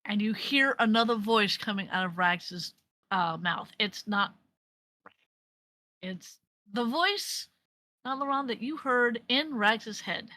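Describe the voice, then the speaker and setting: A woman narrating as game master of a tabletop game, animated and often laughing. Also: a little high, slow, long pauses, no room sound. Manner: animated, laughing often, with frequent fillers and restarts.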